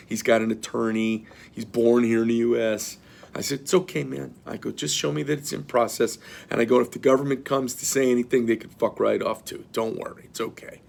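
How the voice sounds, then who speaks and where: A middle-aged man, a knife company owner, telling a story in a blunt, profane and animated rant. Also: mid-range voice, gravelly.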